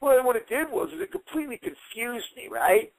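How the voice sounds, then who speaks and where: A man with a fairly high voice tells a story in an interview, acting out the quotes with rising heat. The sound is dry and close, with no room echo. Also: fairly quick, vocal fry. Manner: animated, heated retelling with acted-out quotes. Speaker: interview guest, former fighter.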